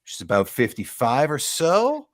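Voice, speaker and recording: A man's voice: mid-range voice, wildly swooping pitch, a little slow. A man narrating as game master, rambling with many fillers and asides. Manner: rambling, lots of fillers and "right?".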